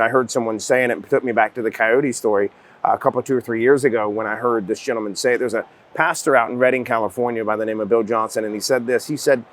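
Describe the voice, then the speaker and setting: A middle-aged man from North Georgia with a Southern accent, telling an earnest, folksy story as a guest in a casual conversation. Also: mid-range voice. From North Georgia, USA. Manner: earnest, folksy, repeats words as he starts. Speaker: chiropractor and podcast guest.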